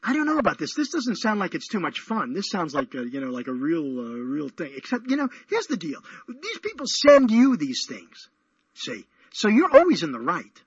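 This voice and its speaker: A man's voice: sits high, huge pitch swings, normal speed, slightly rough, no echo. A man hosting a radio show, chatting in a playful, rambling, teasing way. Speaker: radio host. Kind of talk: casual call-in radio chat. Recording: dull lo-fi radio audio.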